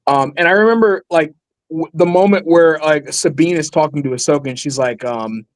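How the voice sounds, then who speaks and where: A man co-hosting a podcast in casual chat, animated and swearing, acting out what people said. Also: on the high side, moderate pace, dry recording. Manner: animated, swearing, acts out quotes. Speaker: podcast co-host.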